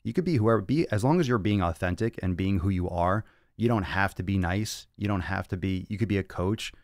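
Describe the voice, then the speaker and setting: Low-voiced blunt fitness host. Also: male voice, brisk, no room sound, studio quality. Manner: blunt and profane, lecturing. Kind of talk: blunt Q&A monologue.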